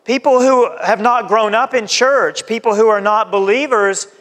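A man with a high voice preaches a sermon, urging his listeners again and again and acting out little conversations as he goes. His voice rings out with a long reverb, as if in a large church hall. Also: moderate pace, a bit bright. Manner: exhorting, repetitive, acts out conversations. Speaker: pastor.

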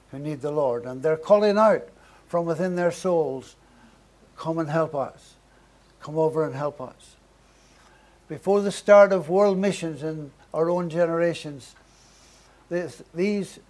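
A male preacher with a slightly higher than usual voice delivers a sermon. He speaks earnestly, stacking short repeated phrases to build emphasis. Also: darkish tone.

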